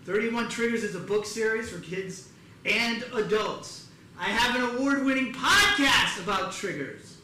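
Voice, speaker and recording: A middle-aged man performs stand-up on a theater stage, his voice high and full of swings as he acts out the people in his stories. The sound is very roomy, with clear crowd noise behind him. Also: unhurried, distant mic. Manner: animated storytelling, acts out his mother and joke characters. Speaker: stand-up comedian. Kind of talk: live stand-up comedy. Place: theater stage before a live audience.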